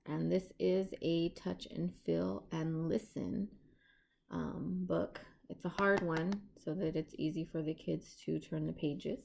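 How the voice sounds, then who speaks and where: A young woman reading a picture book aloud to a child, slow, gentle and coaxing. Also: low voice, steady tone, creaky, slight background noise.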